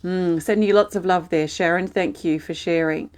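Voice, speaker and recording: A gentle woman hosts a live support stream, answering viewers one by one in a soft, reassuring manner. Her voice sits a little low for a woman. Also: fairly even intonation, moderate pace. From Australia. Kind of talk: casual live-stream chat reading viewer comments.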